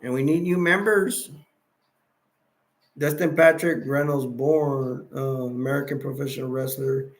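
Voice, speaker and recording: A man's voice: medium pitch, steady tone, unhurried. A tired man hosting a late-night livestream, rambling casually and reading chat messages and wiki text aloud. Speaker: livestream host.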